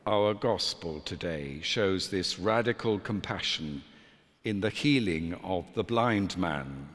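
A man, a priest, preaching a sermon in a measured, deliberate way with dramatic pauses. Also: sits low, expressive, fairly bright tone. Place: church. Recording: long church reverb.

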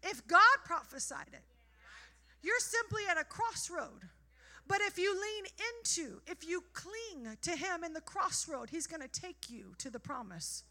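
A woman preacher delivering a sermon, moving from quiet storytelling to passionate, shouted exhortation. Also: very high-pitched, sing-song, a little slow.

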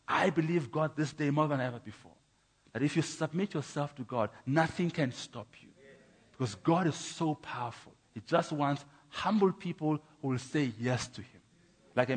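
A man's voice: medium pitch, husky. A man preaching his testimony in a church, emphatic, with rhythmic contrasts and stammering repeats. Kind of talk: sermon.

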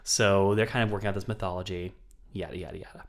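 Talking fast in a low, steady voice, a podcast co-host casually rambles through a film's plot. His retelling is loaded with ums, fillers and side remarks in an easygoing chat.

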